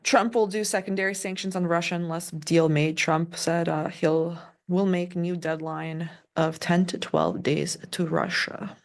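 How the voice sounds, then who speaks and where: A woman's voice: on the low side, steady tone, unhurried. A young woman casually chatting as a co-host of a live trading stream, rambling with lots of fillers and restarts. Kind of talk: casual livestream chat.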